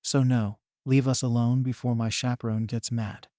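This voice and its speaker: A man's voice: medium pitch, little pitch movement, moderate pace, warm tone, no room sound, lightly acted. A man voicing a bold young girl who coldly threatens an adult, in a dry, close sound. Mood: defiant. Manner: cold, defiant, threatening.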